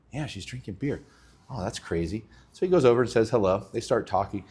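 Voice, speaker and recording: A man hosts a casual chat. He tells stories with lots of energy and laughs often. His pitch rises and falls freely. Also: fairly quick, slightly rough. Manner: animated storyteller, laughs often. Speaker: podcast host. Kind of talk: casual chat with joke telling.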